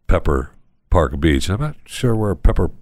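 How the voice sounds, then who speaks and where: A man with a fairly low voice hosts a comedy podcast and tells strange news stories. He rambles in a deadpan way and stops often to hunt for words. He is close to a studio mic with a dry sound. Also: unhurried, no room sound. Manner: rambling storyteller, many uh fillers, deadpan. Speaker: podcast host. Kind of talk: casual comedy podcast chat.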